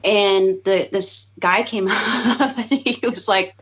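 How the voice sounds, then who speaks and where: A woman chatting casually as a podcast guest co-host, talking quickly with lots of fillers and giggles. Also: mid-range voice, fairly even intonation, fairly bright tone, husky. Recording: dull lo-fi podcast audio.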